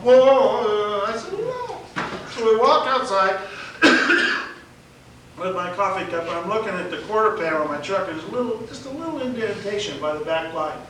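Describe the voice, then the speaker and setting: Animated high-voiced man in an echoey room. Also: normal speed, noisy background. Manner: animated, laughs often, acts out other people's lines. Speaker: evangelist telling his testimony. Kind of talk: storytelling conversation. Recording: very echoey room, mic at a distance.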